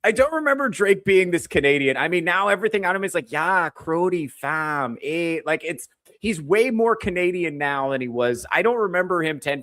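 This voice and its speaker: A man's voice: mid-range voice, a bit bright, dry recording. A man hosting a comedy podcast, ranting with crude, sarcastic mockery. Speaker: podcast host. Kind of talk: comedic commentary rant.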